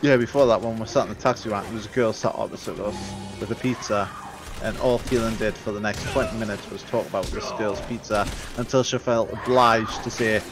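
A man's voice: lowish voice, fairly even intonation, brisk. A man telling teasing anecdotes while playing a co-op game with a friend. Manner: teasing, tells anecdotes with put-on quotes. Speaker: co-op game player. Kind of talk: casual storytelling while gaming. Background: game music and sounds.

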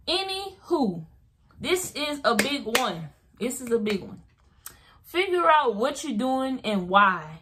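A woman's voice: high-pitched, big pitch swings, slow pace, background noise. A young woman vlogger giving motivational advice straight to her viewers, emphatic and repeating her points, calling them y'all. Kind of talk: motivational vlog talk to viewers.

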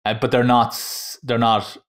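A man co-hosting a podcast, talking casually and thoughtfully, often pausing to find his words. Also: medium pitch, level tone. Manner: thoughtful, hesitant, searching for words. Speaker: podcast co-host. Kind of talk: casual chat.

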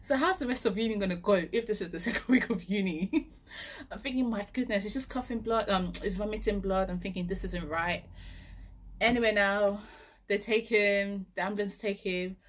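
A young woman from Nigeria telling a lively story, acting out her own panicked lines and laughing often. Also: medium pitch, moderate pace. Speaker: vlogger. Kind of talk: animated storytelling.

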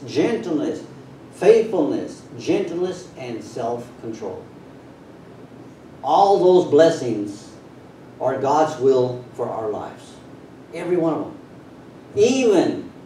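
A man preaching a sermon, taking it slow and stretching out the words he wants to stress. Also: mellow. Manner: unhurried preaching with drawn-out emphasis. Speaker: pastor. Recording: very echoey room, voice from far off, faint rumble.

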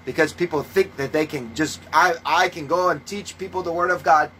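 A man preaching in a ranting monologue, scornful and full of swearing, moving between calm teaching and loud outbursts. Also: fairly high pitch, moderate pace, slight background noise, poor audio. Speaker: self-styled religious preacher.

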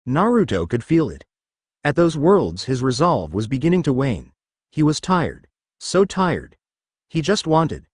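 A man narrating a fan fiction story in an expressive storytelling manner. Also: mid-range voice, unhurried, no echo, clean studio sound.

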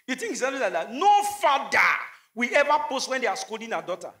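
The Nigerian stand-up's voice is very high and bright, pushing each joke to its landing with big pitch swings, a moderate pace and many pauses. He drops Pidgin asides and shouts his punchlines to the live crowd, heard in an echoey room with faint background hiss.

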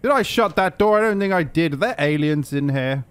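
Young man, gameplay commentary, sarcastic, swearing, slightly high voice, jumpy. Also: expressive, fairly quick, fairly bright tone, clean tone. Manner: sarcastic, swearing, jumpy yelps when startled. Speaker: gaming commentator.

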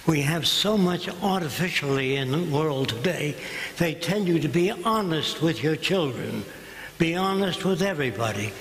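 A man's voice: a little high, animated, moderate pace, a bit bright. Blunt older man lecturing in a hall. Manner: blunt, combative, sarcastic. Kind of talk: public lecture. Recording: echoey hall, room noise.

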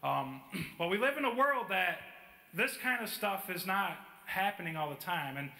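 High-voiced man preaching in an echoey church. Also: moderate pace, gravelly. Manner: casual, animated, many "like" fillers. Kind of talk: sermon storytelling. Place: church hall.

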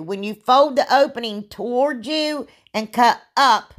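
A woman, talking through a DIY craft tutorial in a rambling, self-deprecating way, with a sore throat and frequent throat clearing. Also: a little high, a little slow. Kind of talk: casual craft tutorial voice-over.

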